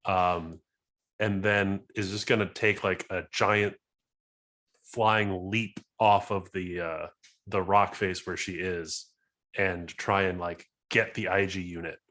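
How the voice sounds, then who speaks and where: A man's voice: low-pitched, flat delivery, takes it slowly, sharp tone. A man playing a tabletop game, describing his character's actions in a rambling, casual way. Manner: rambling, filler-heavy. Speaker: player.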